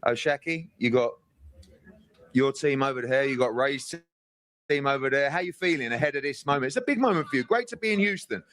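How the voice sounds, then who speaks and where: A man interviewing fighters at a press event, asking brisk, upbeat questions. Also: mid-range voice, animated, a bit bright.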